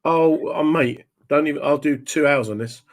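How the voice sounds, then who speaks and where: A man's voice: on the high side, normal speed. A man who is a stand-up comedian, telling comic anecdotes as a guest and slipping into the voices of the people in them. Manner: animated, slips into voices of the people in his stories.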